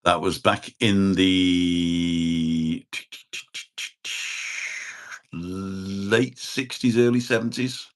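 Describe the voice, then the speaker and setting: A man in his sixties talks as a podcast guest. His very low voice carries a dry, deadpan wit, delivered plainly and without fuss. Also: drawn-out words, pauses often. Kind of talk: casual chat.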